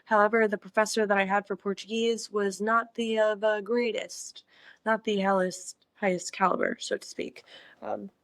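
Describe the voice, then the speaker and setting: A chatty young woman hosts her own casual vlog in a playful, quirky tone. Her voice sits at an ordinary pitch for a woman. The sound is dry and close, with little room echo. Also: little pitch movement, normal speed. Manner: playful, chatty, exaggerated greetings. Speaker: vlogger.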